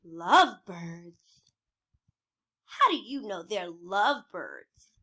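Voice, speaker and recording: A woman's voice: medium pitch, very animated, slow, pushed and bright, pitched below the performer's own voice, exaggerated voice. A woman voicing a worried, fussy male elephant in a storybook, exclaiming in alarm.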